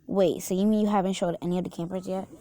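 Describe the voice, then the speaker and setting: A woman voicing a gentle, soft-spoken young girl, the twin sister in a reader-insert story. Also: on the low side, little pitch movement, fast, dry recording, natural voice.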